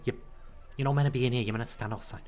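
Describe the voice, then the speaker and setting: A man voicing a gruff, busy male market clerk with a Scouse accent, in a tabletop game. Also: mid-range voice, fairly even intonation, racing, a crowd in the background, pitched above the performer's own voice, close to an everyday voice. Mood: brusque. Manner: brusque, clipped replies.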